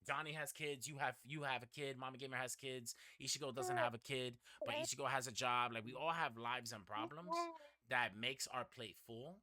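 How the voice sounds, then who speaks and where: A young man from the Bronx talks loosely on a podcast, slipping into other people's voices as he tells stories. His tone is bright and forward. The close mic sounds dry and tight. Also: mid-range voice, fairly even intonation, moderate pace, dry recording. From the Bronx, New York. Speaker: podcast host. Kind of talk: casual podcast chat.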